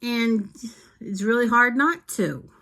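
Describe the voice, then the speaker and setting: A woman's voice: fairly high pitch, takes it slowly, sharp tone. A woman from New Jersey, talking casually and emphatically to camera in a vlog. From New Jersey, USA. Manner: chatty, opinionated, emphatic, talks with her hands. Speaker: vlogger.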